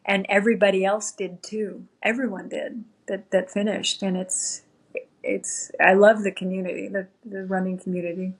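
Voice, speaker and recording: A woman's voice: medium pitch, flat delivery, normal speed, slightly rough. Earnest woman recounting an emotional race finish. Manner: earnest, tearful at times, quotes herself. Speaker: podcast guest, ultrarunner. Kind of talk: emotional storytelling.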